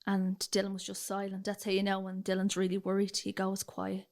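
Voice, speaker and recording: A woman's voice: medium pitch, monotone, brisk, darkish tone. A young woman with a Dublin accent, telling her personal story as a podcast guest and acting out the dialogue. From Ireland. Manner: chatty, retells dialogue, fillers like "like".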